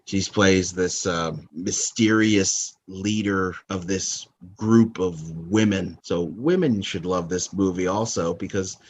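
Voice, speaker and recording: A man's voice: low voice, slow pace, few pauses, husky. A man hosting a podcast, chatting frankly and casually about favorite movies, swearing now and then and laughing at his own jokes. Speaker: podcast host. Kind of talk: casual movie countdown commentary.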